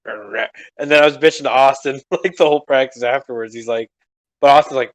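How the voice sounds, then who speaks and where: Young guy, podcast co-host, loose rambling delivery with casual swearing, mid-pitched and slightly strained. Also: a little fast. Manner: rambling, swears freely, laughs often. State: strained vocals from screaming. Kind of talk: casual chat.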